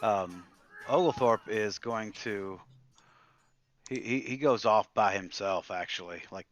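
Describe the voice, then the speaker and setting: A man's voice: on the low side, slow pace, a bit bright. A man playing a tabletop game, narrating what his character does in descriptive detail, with many fillers. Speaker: player.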